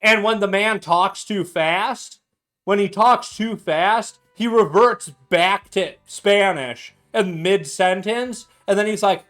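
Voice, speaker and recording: This young man's high, slightly bright voice moves slowly as he chats casually at his home bar. A streamer making cocktails, he's tipsy, loose and profane, and laughs a lot.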